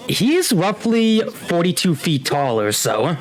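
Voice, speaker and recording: Relaxed man game master, slow and unhurried narration with faint background music. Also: high-pitched. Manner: laid-back, chuckling, many fillers.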